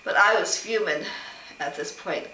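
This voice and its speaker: A woman with a bright, sharp voice rambles through a story of being slighted, replaying every exchange. She sits back from the mic in an echoey room, and faint ambient noise runs under her. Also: lowish voice, unhurried, recorded from a distance. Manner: rambling, aggrieved retelling with many quoted exchanges. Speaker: vlogger. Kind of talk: casual personal storytelling vlog.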